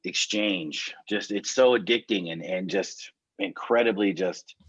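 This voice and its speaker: A man's voice: deep voice, unhurried, a bit bright, breathy edge, no room sound, highs cut off. A man, a comedian guest on a podcast, chatting in a musing, laid-back way that trails off. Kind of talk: casual chat.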